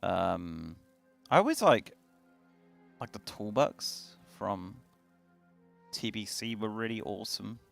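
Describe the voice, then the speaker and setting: A man's voice: fairly low pitch, expressive, slow, creaky, pauses often, a bit bright, faint music behind. A man co-hosting a stream, chatting casually and teasing with a joking manner. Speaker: stream co-host. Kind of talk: casual chat. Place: streaming studio.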